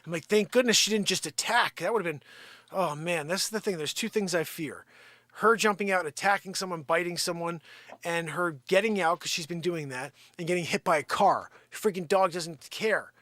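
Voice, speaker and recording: A man's voice: high voice, moderate pace, fairly bright tone, no echo. A man hosting a live daily stream, chatting casually and joking as he tells a story and talks to his dogs. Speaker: livestream host.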